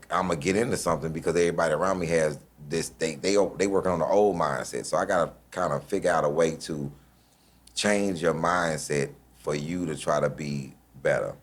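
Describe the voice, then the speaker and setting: A male comedian guest on a podcast, telling stories in a dry, sarcastic way. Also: rumbling low. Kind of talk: conversational storytelling.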